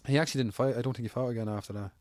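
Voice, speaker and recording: A man's voice: mid-range voice, steady tone, very fast, darkish tone, dry recording. An Irish man, an amateur MMA fighter, telling stories in casual, rambling, swear-heavy chat. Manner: swears freely, rambling anecdotal.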